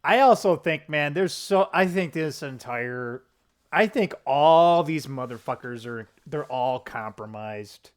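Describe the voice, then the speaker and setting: Animated, swearing man rambling to camera. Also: slow, smooth. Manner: profane, laughing, tangent-prone, animated swings in pitch. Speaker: political vlogger. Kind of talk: rambling casual monologue to camera. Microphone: camera close up at a desk.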